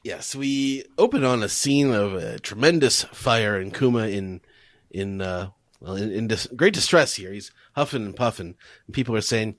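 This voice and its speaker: A man's voice: on the low side, normal speed, no room sound. A man co-hosting a podcast, animatedly recapping a comic chapter in casual chat and laughing often.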